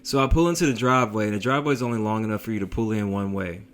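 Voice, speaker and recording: A man telling a story in a casual vlog, in a slangy, profane, animated way. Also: fairly low pitch, racing.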